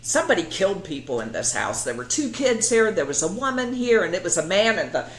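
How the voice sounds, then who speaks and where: Brief: middle-aged woman, low voice, animated storyteller, roomy echo. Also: fairly quick. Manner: animated, acts out quoted voices, laughs often. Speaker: interview guest, psychiatrist. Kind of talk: casual storytelling in an interview. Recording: echoey room.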